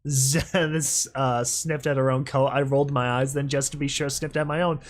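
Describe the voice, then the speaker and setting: A young man reading a story aloud and breaking off for excitable, laughing commentary. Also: medium pitch, normal speed. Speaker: reader and commentator.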